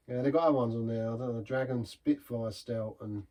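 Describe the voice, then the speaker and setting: A man's voice: mid-range voice, dark tone. Rambling man reviewing beer. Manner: chatty, meandering, self-deprecating. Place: pub.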